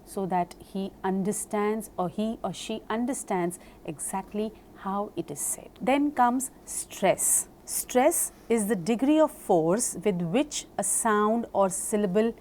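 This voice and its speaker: A woman giving a recorded lecture on speaking skills. She talks slowly and deliberately and spells words out letter by letter. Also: mid-range voice, darkish tone, slight background noise.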